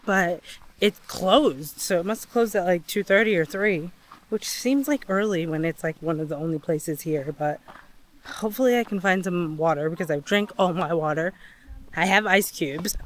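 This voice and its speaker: A young woman narrating a casual travel vlog while walking around outdoors, chatty and rambling. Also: fairly low pitch. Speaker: travel vlogger. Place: outdoors on a day trip, walking.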